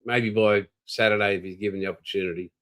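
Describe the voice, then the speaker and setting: A man's voice: fairly low pitch, steady tone, fast talker, a bit bright, low-quality recording. An older Australian man, tired, hosting a live stream and rambling casually while greeting viewers. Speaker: livestream host.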